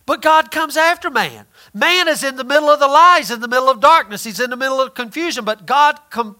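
A man preaching a folksy, emphatic sermon, swinging between loud points and quiet asides. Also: extremely high pitch, fairly quick.

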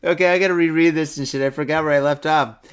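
A man's voice: fairly high pitch, steady tone, fast talker, clear, resonant tone. A man hosting a podcast, drunk and swearing a lot, rambling about news stories and laughing at his own jokes. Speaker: podcast host. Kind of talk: casual podcast chat reading news stories.

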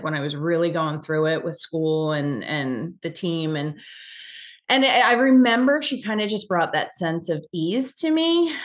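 A young adult woman with a lowish but fairly bright voice tells a personal story casually and ramblingly. She restarts often, leans on fillers, and chokes up at moments.

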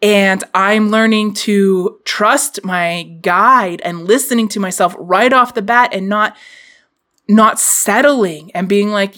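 Woman podcast host, casual pep talk, swears a bit, mid pitch, real candid. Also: fairly even intonation, takes it slowly, a bit bright.

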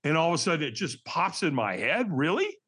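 A podcast guest in his sixties, speaking quickly in a fairly high voice with a breathy edge, shares a candid personal story. He's animated and emphatic, laughing even through hard memories.

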